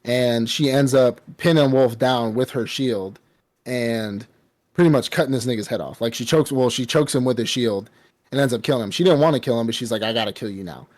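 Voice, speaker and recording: A man's voice: medium pitch, a little fast. A man co-hosting a podcast, recapping a film in casual, rambling, profane chat. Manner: rambling, profane, animated storytelling. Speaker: podcast co-host.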